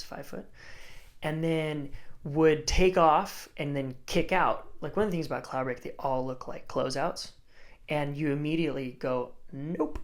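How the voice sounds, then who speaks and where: Laid-back man telling a surf story. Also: on the high side. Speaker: guest, surfer and surf coach. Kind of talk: casual storytelling in a podcast interview.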